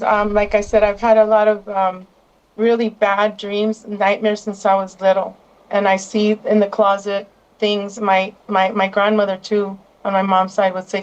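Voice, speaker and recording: A woman's voice: mid-range voice, completely flat delivery, normal speed, clear, resonant tone, highs cut off. A woman as a guest in a casual interview, rambling along with many restarts and asides.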